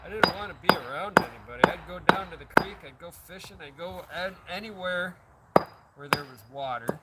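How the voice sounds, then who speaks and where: A man with a slightly high voice rambles easily as he hosts a casual outdoor livestream. He sounds set back from the mic, with loud noise all around him. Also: animated, a little fast, distant mic. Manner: rambling, talks to his dog. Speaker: livestream host. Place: outdoors in a yard on a hot day.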